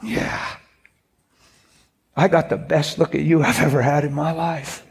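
A man with a husky voice giving a sermon, earnest and conversational, slipping into spoken prayer. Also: fairly high pitch, fairly even intonation, measured pace, slight background noise. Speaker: pastor. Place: church hall with audience.

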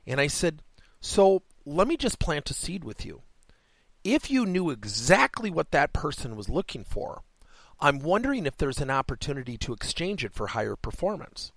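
A man with a lively, rising and falling voice hosts a solo coaching podcast. He tells a workplace story and acts out both people in the conversation. The sound is dry and close, with no room echo. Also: fairly high pitch, normal speed, gravelly. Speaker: podcast host and business coach.

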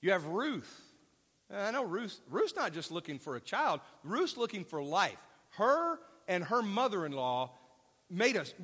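In a large hall with long reverb, a man with a high, fairly bright voice preaches a sermon conversationally. He asks the congregation questions and tosses in offhand asides.

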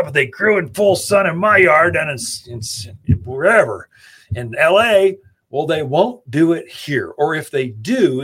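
A husky, slightly higher-pitched man hosts a gardening radio show. He talks in a folksy, chatty way, speaking straight to listeners. His voice is close on a studio microphone. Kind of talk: casual radio advice talk.

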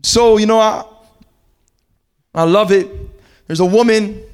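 A man preaching a sermon as pastor, calling on the congregation to repeat phrases and rising into shouted, sing-song peaks. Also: sits high, slow pace, clear, resonant tone. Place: church hall with a congregation.

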